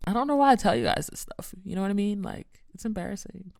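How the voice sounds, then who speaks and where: Animated woman telling a rambling story. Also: mid-range voice, fast talker, gravelly, no room sound, clean studio sound. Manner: animated, rambling, full of "like" fillers. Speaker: podcast host. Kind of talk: casual storytelling to listeners.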